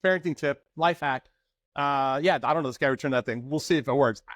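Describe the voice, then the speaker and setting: Fast-talking excitable podcast man. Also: medium pitch, no echo, studio quality. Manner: excitable, jokey, reacts loudly. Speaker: podcast co-host. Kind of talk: casual chat.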